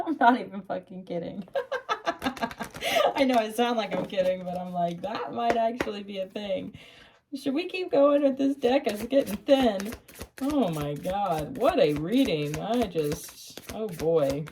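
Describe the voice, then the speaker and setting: A woman giving a casual tarot reading who gets excited, laughs often, swears casually and calls the listener honey. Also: medium pitch, measured pace, a little hiss or hum. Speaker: tarot reader.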